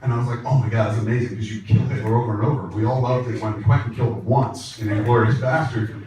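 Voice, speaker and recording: Man, middle-aged host, quick-talking, profane storyteller, heavy hall echo, distant mic. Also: on the low side, steady tone, crowd noise. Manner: profane, laughing anecdotal delivery. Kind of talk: animated storytelling. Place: large hall with a live audience. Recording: echoey hall from far off, noisy.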